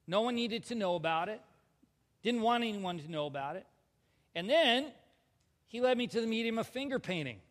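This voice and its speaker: A man preaching a personal testimony, animated and self-mocking, acting out his own lines. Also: on the high side. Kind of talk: storytelling sermon. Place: large hall before a live audience. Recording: long reverb of a large hall.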